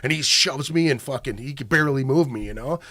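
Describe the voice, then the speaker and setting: A man's voice: mid-range voice, quick pace, bright, forceful tone, dry recording. A man hosting a podcast, telling a long profane story in casual chat. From Minnesota. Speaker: podcast host.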